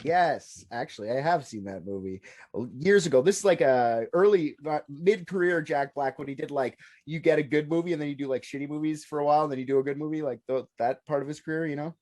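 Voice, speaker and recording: A man's voice: a little high, quick pace, darkish tone, no echo. A man on a casual podcast, rambling in a loose, jokey way.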